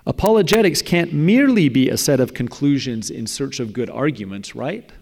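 A man reading a prepared academic paper aloud in a measured way, now and then stumbling and restarting. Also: medium pitch, expressive, gravelly, a little mellow. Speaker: speaker presenting a paper on religious apologetics. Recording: echoey hall with long reverb.

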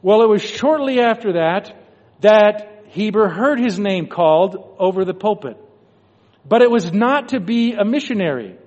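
A man with a high-pitched voice delivers a devotional talk as a story, slipping into the voices of the people he describes. His words ring out in a large hall with a long reverb tail. The recording sounds dull and muffled. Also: a little mellow. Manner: storytelling, acting out quoted thoughts. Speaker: religious speaker.

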